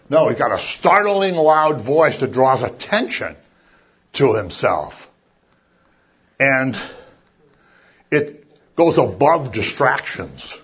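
Male preacher, husky voice, casual and jokey, then bursts loud for emphasis; muffled lo-fi recording. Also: mid-range voice. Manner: conversational, with jokey asides and sudden loud emphasis. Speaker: pastor. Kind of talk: sermon.

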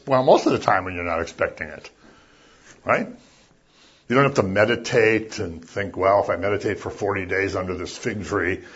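A man preaching a sermon in a conversational way, with jokey asides and sudden loud bursts of emphasis. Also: mid-range voice, husky, muffled recording. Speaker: pastor.

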